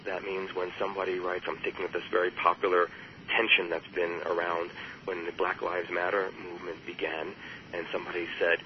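A man who works as a therapist, speaking as an interview guest, explaining with emphasis and jumping higher when he quotes others. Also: little pitch movement, brisk, lo-fi sound, a little hiss or hum. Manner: emphatic, rises sharply on quoted voices. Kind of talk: earnest explanatory interview talk.

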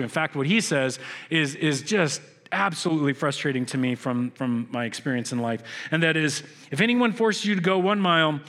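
Animated preacher man with bright tone. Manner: animated storytelling, acts out quotes with big pitch jumps. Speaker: pastor. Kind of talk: sermon. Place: church sanctuary.

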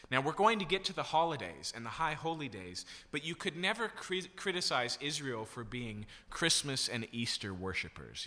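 A man's voice: mid-range voice, bright, forceful tone. A man preaching a sermon as a pastor, teaching through a text and asking the congregation questions. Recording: long hall reverb.

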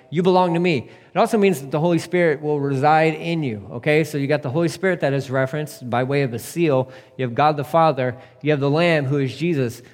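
Man preaching in an echoing hall. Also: on the high side. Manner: conversational preaching, swings from emphatic to hushed. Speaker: pastor. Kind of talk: sermon. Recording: long reverb of a hall.

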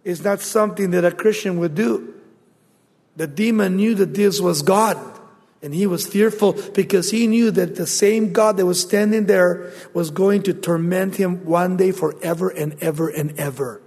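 Preacher, male, high voice, emphatic delivery that drops to a hush, heard in a long-reverb hall. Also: moderate pace. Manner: emphatic, swings from loud to hushed. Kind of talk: sermon.

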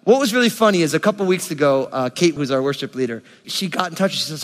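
A man's voice: on the high side, quick pace, few pauses, long reverb tail. A man, a pastor, preaching a sermon in a playful, joking way. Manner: jokey, animated preaching with playful voices for quotes.

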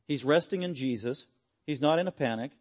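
An earnest, animated man preaching a sermon and closing in prayer. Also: a little high, fairly quick. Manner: earnest, animated, acts out quotes.

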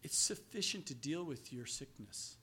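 A male pastor preaching with a high, bright voice whose pitch leaps around. He drops to a hushed murmur and then climbs back to loud, ringing emphasis. He stretches out his key words and acts out the voices he quotes. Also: expressive, moderate pace. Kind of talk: sermon.

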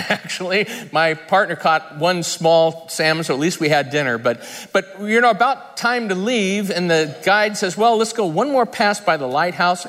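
A man's voice: on the high side, fairly bright tone. A man preaching a sermon, telling a humorous fishing story and then reading scripture. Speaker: pastor. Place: large conference hall. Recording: long reverb in a hall.

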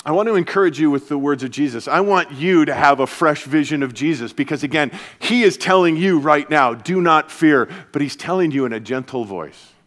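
A man preaching as a pastor to his church, earnest and energetic, dropping to a soft, hushed voice for comforting passages. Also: a little high, fairly quick, hardly any pauses. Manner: earnest, shifts to soft hushed tones when quoting Jesus. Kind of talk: sermon. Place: church service.

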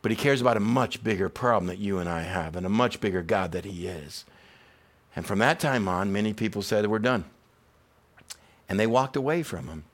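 Man preaching an animated sermon. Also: lowish voice, normal speed. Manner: animated preaching, swings from loud emphasis to quiet reflection; acts out quoted voices in a casual conversational tone. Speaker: pastor.

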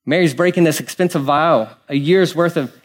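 A pastor preaching a sermon, acting out quoted voices and moving between loud outbursts and hushed lines. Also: male voice, fairly high pitch, normal speed.

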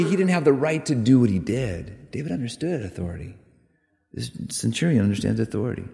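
A man preaching a sermon, earnest and emphatic, with sudden loud rises on key words. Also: mid-range voice, vocal fry. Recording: long reverb of a hall.

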